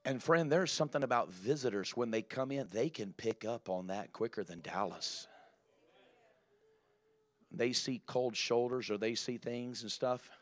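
A man preaching to his congregation with an emphatic, conversational delivery at a mid pitch. He works up from plain talk to loud, rising exclamations. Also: unhurried. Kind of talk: sermon.

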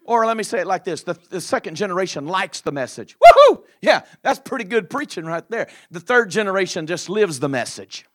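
A man preaching a sermon in a fiery manner, shouting drawn-out phrases with frequent filler uhs. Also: sits high, big pitch swings.

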